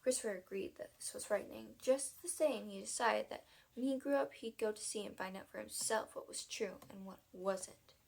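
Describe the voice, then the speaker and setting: A woman's voice: medium pitch, moderate pace, creaky, low-quality recording. A woman narrating a children's storybook in a casual reading style with occasional restarts and asides. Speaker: audiobook reader.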